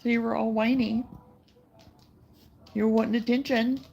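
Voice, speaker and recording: A woman's voice: a little high, flat delivery, normal speed, gravelly, darkish tone, breathy edge. A middle-aged woman hosting a casual crochet vlog from her chair at home, chatting to viewers and cooing at her dog in baby talk. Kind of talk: casual chat while crocheting.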